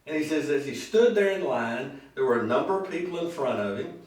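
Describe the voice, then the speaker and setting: Man, pastor, sermon, storytelling, slow emphatic phrases, very echoey hall, distant mic. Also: fairly high pitch, expressive, darkish tone. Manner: storytelling preacher, slow emphatic phrases, acts out quoted voices. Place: church sanctuary.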